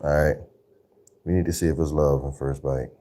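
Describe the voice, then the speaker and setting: A man hosting a live food tasting show, gushing about what he has cooked and swinging from low murmurs to high, excited exclamations. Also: normal speed. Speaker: food show host tasting his own cooking.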